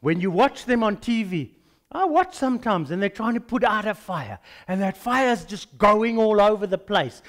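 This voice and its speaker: A man's voice: sits high, normal speed. A man with a South African accent, a pastor preaching a sermon and telling a story with acted-out dialogue. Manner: animated storytelling, acts out dialogues.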